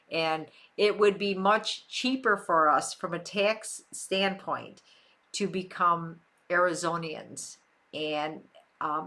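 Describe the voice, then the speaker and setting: Chatty older woman streamer, bright voice. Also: low voice. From Western New York. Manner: chatty, repeats phrases for emphasis. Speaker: livestream host. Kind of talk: casual chat answering viewers.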